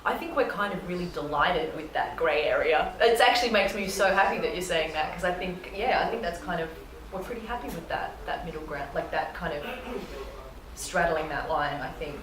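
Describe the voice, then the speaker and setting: A woman's voice: on the low side, fairly quick, a crowd in the background. A woman film director answering interview questions in an earnest, reflective way. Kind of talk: casual interview. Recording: echoey room with background noise.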